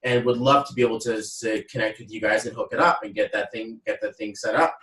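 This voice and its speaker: A man's voice: fairly low pitch, fast talker. A man hosting a podcast, telling a personal story in casual chat and acting out what people said. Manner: animated storyteller who acts out quotes. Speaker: podcast host. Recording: roomy echo, voice a little far off mic.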